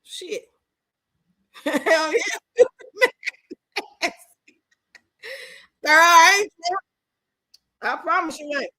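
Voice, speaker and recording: A woman hosting a casual livestream in African American Vernacular English, loud and animated, cursing freely. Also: extremely high pitch, very slow, long pauses, no echo, low-quality recording. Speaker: livestream host.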